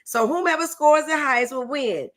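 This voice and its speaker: A woman's voice: sits high, moderate pace, fairly bright tone. A woman hosting a casual talk show, chatty and playful as she runs a party game for her guests. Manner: chatty and playful, with folksy phrasing.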